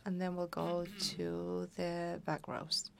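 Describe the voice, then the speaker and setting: Gravelly low-voiced female interpreter. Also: completely flat delivery, a little hiss or hum. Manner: quick, relaying the moderator.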